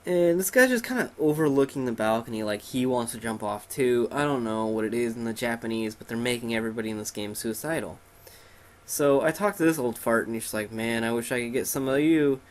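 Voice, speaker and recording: A man talks over a video game playthrough in a loose, irreverent way, cracking jokes and making up goofy lines for the characters. His voice sits at an ordinary middle pitch. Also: expressive, fairly quick. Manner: irreverent, joking, makes up silly dialogue for characters. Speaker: let's play host. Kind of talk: casual let's play commentary.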